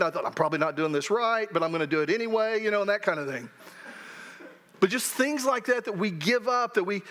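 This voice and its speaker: An older man delivers a sermon in a loose, conversational way, doubling back on his words. His voice sits high for a man, and he jokes at his own expense. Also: a bit bright. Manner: conversational, self-deprecating humor, many restarts. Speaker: pastor.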